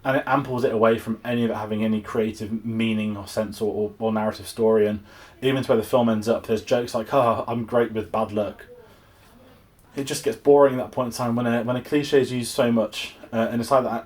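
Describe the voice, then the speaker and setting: A man's voice: mid-range voice, steady tone, fast, a little mellow. A young English man giving a casual, exasperated film review, rambling with frequent restarts. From England.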